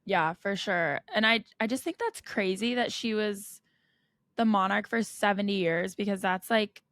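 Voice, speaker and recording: A woman's voice: medium pitch, normal speed, fairly bright tone, no room sound. A young American woman co-hosting a podcast, telling stories in a chatty way with frequent laughs and lots of "like". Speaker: podcast co-host. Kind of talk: casual chat.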